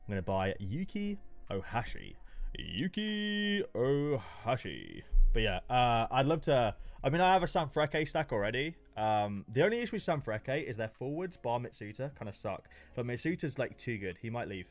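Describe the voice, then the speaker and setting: A young man casually chatting to his live stream chat, excitable, going from mumbles to yelps. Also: medium pitch, brisk, soft background music. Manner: excitable, swings between mumbling and yelping.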